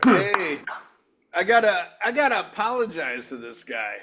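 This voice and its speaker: A man's voice: high-pitched, sing-song, a little slow, heavy background noise. Laughing, crude-joking male co-host. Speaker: podcast co-host. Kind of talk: casual podcast banter.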